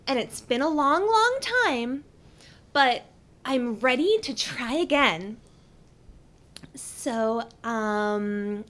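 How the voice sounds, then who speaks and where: A woman with a Western Pennsylvania accent acting a lovesick dating-video maker, halting and then gushing in a comedy sketch. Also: fairly bright tone. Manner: swings from halting to gushing, high and emotional. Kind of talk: deadpan comedy sketch monologue.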